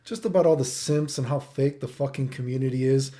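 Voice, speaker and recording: A man rants to his channel audience in a mellow, dark-toned voice. He is heated and swears freely, and he keeps tagging his points with "right?". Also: mid-range voice, fairly quick. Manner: heated and profane, constant "right?" tags. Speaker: channel host. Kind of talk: ranting monologue.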